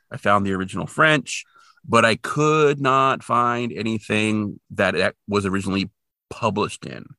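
A man co-hosting a podcast, chatting casually and rambling through animated asides. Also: medium pitch, no room sound, studio quality. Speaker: podcast co-host. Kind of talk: casual chat.

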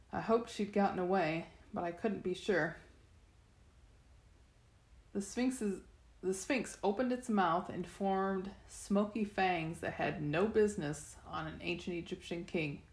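A woman reading a novel aloud in first person, steady storytelling with the odd restart. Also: on the low side, a little slow. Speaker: reader. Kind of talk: first-person audiobook narration. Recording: echoey room.

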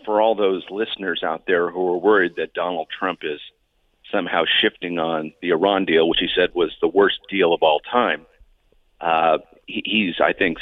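A man on a tinny phone line with a deep, dry voice. He lays out his points steadily as a guest analyst. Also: no echo. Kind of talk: phone-in interview.

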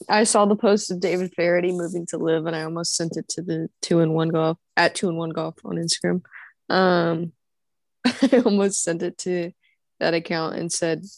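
A woman's voice: on the low side, steady tone, normal speed, dry recording. A woman guest on a casual podcast, talking in a breezy, playful way. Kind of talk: casual chat.

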